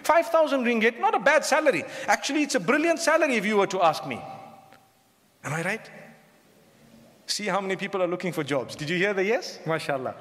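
A man gives a lively sermon, his voice sitting unusually high for a man. He teases the listeners, asks them questions and mimics everyday people. The sound lingers in a long echo that fills a large hall. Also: fairly quick. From southern Africa. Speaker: Islamic preacher. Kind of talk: lecture-style sermon to a live audience.

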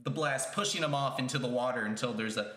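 A man's voice: mid-range voice, fast talker, reverberant. A man running a tabletop game as game master, narrating casually and swearing now and then. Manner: casual, swears, puts on shouted voices for characters.

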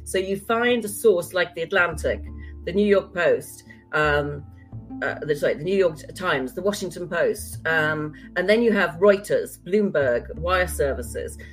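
A woman's voice: on the low side, animated, faint music behind, rough recording. An older woman with a standard British accent, a former journalist chatting as a guest in an interview. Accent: standard British (BBC English). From United Kingdom. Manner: chatty, quick asides and light laughter. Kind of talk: casual interview conversation.

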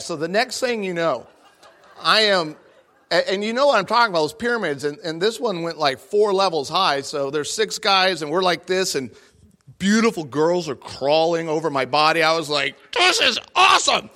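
A man's voice: on the high side, pushed and bright. A middle-aged man, a guest speaker, telling a self-mocking comic story to a live audience and acting out the voices in it. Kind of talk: comedic storytelling talk to an audience. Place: large room before a live audience.

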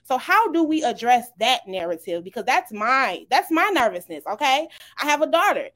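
A woman's voice: high voice, big pitch swings, moderate pace, a bit bright. A woman, speaking animatedly in a casual panel talk, laughing and asking the group for advice. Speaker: parent panelist.

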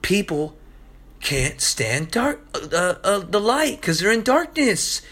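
A man's voice: high voice, very animated, takes it slowly, a bit bright, slightly rough. Emphatic, slangy preaching man. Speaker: pastor. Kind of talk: sermon.

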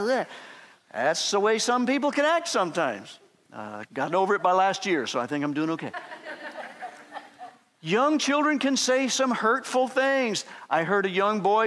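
A man's voice: high voice, animated, normal speed, a bit bright. A middle-aged man preaching a sermon, joking and self-deprecating, acting out the voices of the people in his stories. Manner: jokey, self-deprecating, acts out quoted voices. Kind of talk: sermon with humorous personal stories.

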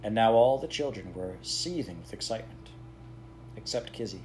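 A man narrating a children's novel in a measured, even audiobook reading. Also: fairly low pitch, slight background noise.

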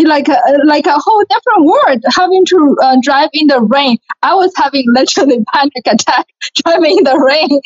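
A young woman from China with a Chinese accent, talking earnestly and brightly as an interview guest. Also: high voice. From Shanghai, China. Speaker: guest, beauty pageant winner. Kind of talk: casual interview talk. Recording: lo-fi recording.

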